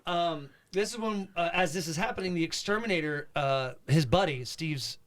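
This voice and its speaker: A man's voice: fairly high pitch, normal speed, a bit bright. A man co-hosting a podcast in casual chat, talking loosely and hedging often. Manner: chatty, hedging with fillers like "I mean" and "like". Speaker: podcast co-host. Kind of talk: casual film recap chat.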